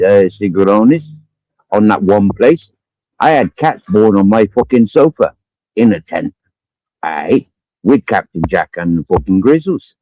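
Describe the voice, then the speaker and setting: A man's voice: lowish voice, no echo. A man with a Cumbrian accent ranting angrily at someone on a livestream, swearing constantly, repeating his accusations and drinking as he talks. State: drinking during the stream. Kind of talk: angry profane rant. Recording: dull lo-fi stream audio.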